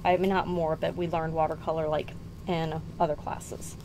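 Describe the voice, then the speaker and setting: A woman's voice: low-pitched, level tone, moderate pace, background noise. A middle-aged woman hosting a casual vlog, showing old artwork, rambling and correcting herself, short of breath. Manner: rambling, self-correcting, unsure recollections. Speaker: art channel host. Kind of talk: casual show-and-tell vlog.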